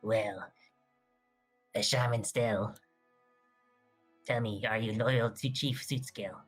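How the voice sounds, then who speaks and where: A player voicing a proud, exiled kobold shaman who speaks in a formal, measured way in a tabletop game. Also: mid-range voice, fairly even intonation, breathy edge, soft background music.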